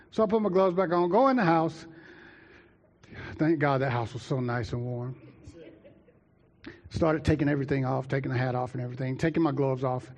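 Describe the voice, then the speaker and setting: A man preaching, telling a childhood story with lively asides to the congregation. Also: mid-range voice, brisk, pauses often, highs cut off. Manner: lively, talks to the congregation directly. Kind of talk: sermon storytelling.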